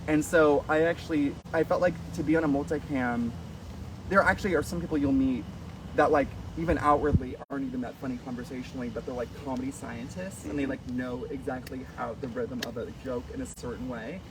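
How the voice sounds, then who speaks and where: A man talking as a guest author at a live event, in a chatty, animated way with many fillers and easy laughter. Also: mid-range voice, a little fast. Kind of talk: casual conversation on stage. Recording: noisy live event audio.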